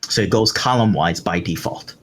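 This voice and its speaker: A deep-voiced, slightly bright instructor runs a live coding tutorial at a moderate pace, explaining each step as he works and dropping fillers like "um" and "right." Keyboard typing is audible in the background.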